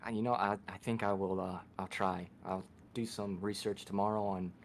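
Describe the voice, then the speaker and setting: A man's voice: fairly low pitch, level tone, normal speed, gravelly, slight background noise. A young man being interviewed after a sim race, easygoing and grateful, joking lightly.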